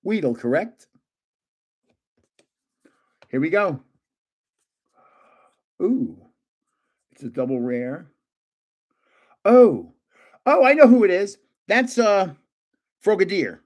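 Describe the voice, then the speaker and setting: A man's voice: high-pitched, big pitch swings, slow, pauses often, a little mellow. An older man hosting a casual live stream, chatting and joking as he guesses card names aloud. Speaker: livestream host opening trading cards.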